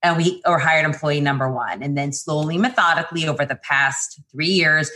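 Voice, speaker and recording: A woman who founded a PR agency, talking casually and quickly in an interview, with lots of fillers and restarts. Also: deep voice, bright, forceful tone.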